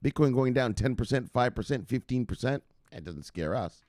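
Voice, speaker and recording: A man hosts a crypto news show, offering hyped, profane, casual market commentary directly to his viewers. His medium-pitched voice is expressive and darkish at normal speed, recorded at studio quality with no echo.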